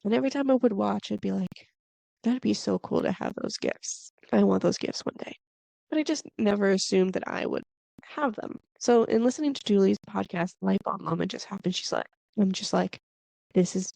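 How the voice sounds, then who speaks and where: A woman's voice: mid-range voice, gravelly, dark tone, no echo. Woman rambling casually on her podcast, lots of like and kinda, dry close sound. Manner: chatty, meandering, with fillers like "like" and "kinda". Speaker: podcast host. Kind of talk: casual spiritual podcast monologue.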